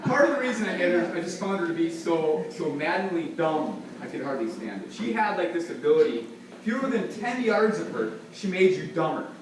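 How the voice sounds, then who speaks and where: Man delivering a deadpan roast, animated delivery, set back from the mic with clear room noise. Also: on the high side, quick pace, heavy reverb, recorded from a distance. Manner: mocking, deadpan storytelling. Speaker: roast speaker. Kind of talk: live roast speech. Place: party room with gathered guests. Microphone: handheld mic.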